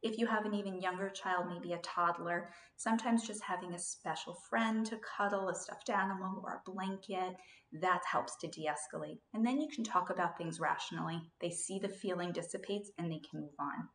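A woman in her thirties explains a parenting technique in a calm, steady instructional talk, now and then acting out what a parent might say. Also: on the low side, normal speed, reverberant. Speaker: parenting educator.

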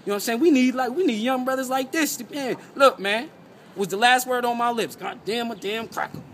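A man's voice: very high-pitched, brisk, fairly bright tone, a little hiss or hum. A man giving an emphatic, profane street rant, repeating himself and checking in with his listeners. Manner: emphatic, profane, repeats "you know what I'm saying". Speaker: host.

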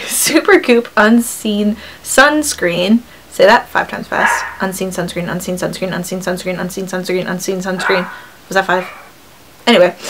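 A woman's voice: fairly high pitch, fairly bright tone, slight background noise, poor audio. A young woman vlogging in a casual, chatty, upbeat way as she unboxes beauty samples, with frequent ums and likes.

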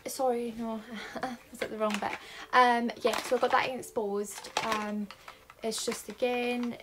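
A woman's voice: a little high, background noise. A nineteen-year-old woman with a Scottish accent, chatting casually through a beauty haul with lots of um fillers. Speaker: beauty vlogger.

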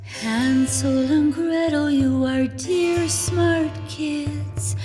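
A woman voicing a gentle, mysterious voice in a storybook reading that speaks kindly to lost children, slow and soft. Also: sits high, steady tone, soft background music, voice pushed up.

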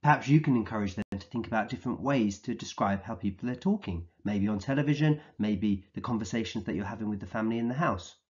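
A man teaching a recorded vocabulary lesson for young children, speaking slowly and clearly in an encouraging way and acting out the words he defines. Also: on the low side, dull audio. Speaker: early years teacher.

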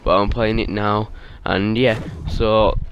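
A man's voice: on the low side, level tone, slow, lo-fi sound, slight background noise. A man giving casual, rambling gameplay commentary, half asleep and easily startled. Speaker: gaming YouTuber.

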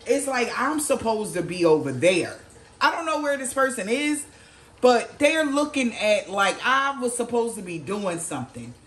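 A tarot reader gives a casual reading in a sing-song, somewhat bright voice at a moderate pace, recorded in a roomy space with slight background noise. She's slangy and swears freely, acting out what others might say by quoting them in a lowered voice.

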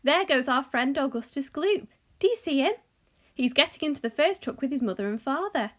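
A woman voicing a brisk, cheerful, eccentric grown man who makes chocolate, reading him from a children's novel. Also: high voice, lively intonation, voice pushed up.

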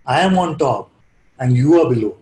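A man's voice: mid-range voice, expressive, moderate pace, a little mellow, close to an everyday voice. A man voicing an irritated, proud villager who scorns a beggar in a spoken parable, in an echoey room. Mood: irritated scornful. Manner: scornful, impatient.

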